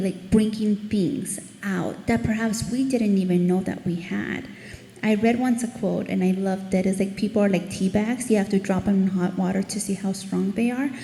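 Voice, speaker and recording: A woman giving an earnest devotional Bible teaching, growing animated as she reads scripture aloud. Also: medium pitch. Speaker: ministry speaker. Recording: echoey room with long reverb.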